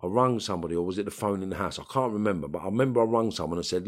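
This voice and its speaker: Racing along in a deep voice, a middle-aged man with a London accent shares blunt, streetwise stories as an interview guest. He's from England, swears as he talks, and acts out the voices in his quotes.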